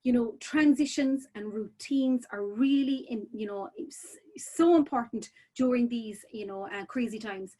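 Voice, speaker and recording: A woman's voice: on the high side, measured pace, warm tone. A woman presenting a childcare webinar in a chatty, informal way, full of "you know" fillers and restarts.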